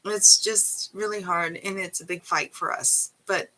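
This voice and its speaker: Earnest, rambling woman with a bright voice. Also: lowish voice, steady tone, a little slow, poor audio. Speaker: vlogger. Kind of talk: casual motivational monologue.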